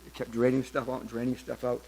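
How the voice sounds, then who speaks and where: Older man, gravelly voice, church testimony, storytelling with restarts. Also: mid-range voice, completely flat delivery, fast talker, darkish tone, a little hiss or hum, low-quality recording. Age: 70s. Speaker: church member giving testimony.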